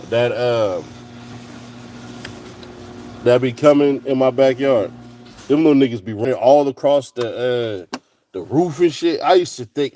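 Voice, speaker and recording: A man's voice: mid-range voice, a little mellow, a little hiss or hum, poor audio. A man vlogging from a car, telling stories in loose, profane slang. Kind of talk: casual chat while driving.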